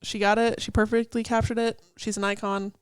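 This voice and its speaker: A woman's voice: on the high side, flat delivery, a little fast, smooth, no echo. A young woman co-hosting a casual podcast, talking through song lyrics in a loose, chatty way with lots of "like" fillers, laughs and the odd swear. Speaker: podcast co-host.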